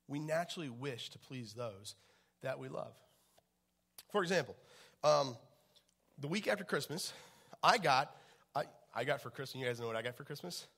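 A man preaching a casual, conversational sermon as a pastor, chatty with many fillers and restarts and swings in loudness. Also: medium pitch, sing-song, moderate pace, pauses often, slightly rough.

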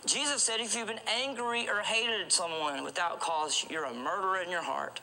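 A male street preacher delivers an urgent evangelistic sermon. His voice sits high and sounds very bright and cutting. He stumbles into repetitions and fires rhetorical questions, with a faint ambient hiss behind him. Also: normal speed, vocal fry, rough recording.

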